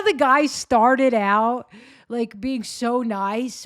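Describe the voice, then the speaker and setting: A woman's voice: fairly high pitch, steady tone, moderate pace, no echo, clean studio sound. A woman hosting a commentary show, talking in a sarcastic, rambling, mocking way. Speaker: podcast host. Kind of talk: casual commentary.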